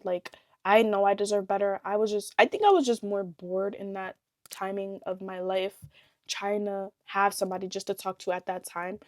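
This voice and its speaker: A young woman spins a casual storytime for her viewers, rambling, blunt and full of profanity, breaking into laughs as she goes. Her voice sits in an ordinary middle pitch. The sound is dry, with no room echo around it. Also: darkish tone. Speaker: vlogger.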